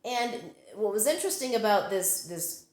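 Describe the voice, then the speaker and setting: A woman's voice: medium pitch, lively intonation, normal speed, a little mellow, reverberant. A woman telling personal stories in a meandering way, full of fillers and self-corrections, recording on a phone she holds. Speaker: psychic medium vlogger. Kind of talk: rambling personal storytelling. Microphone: holding her phone.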